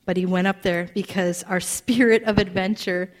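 A woman in her thirties preaching with an animated, storytelling delivery, laughing often and acting out quoted voices. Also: mid-range voice, moderate pace. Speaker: speaker. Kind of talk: storytelling sermon.

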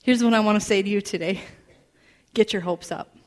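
A woman in her thirties preaching with an animated, storytelling delivery, laughing often and acting out quoted voices. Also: mid-range voice, a little fast. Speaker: speaker. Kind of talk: storytelling sermon.

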